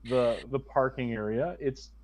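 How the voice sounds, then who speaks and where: A man narrating a tabletop game online as game master, in a relaxed, chatty way. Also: medium pitch, measured pace, a little hiss or hum. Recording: lo-fi online voice chat.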